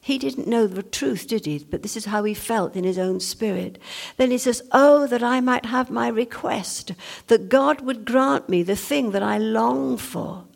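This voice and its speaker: A woman preaching a sermon, speaking earnestly and slowing down to read scripture passages aloud. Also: a little high, gravelly. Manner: earnest, reads scripture aloud with slowed emphasis.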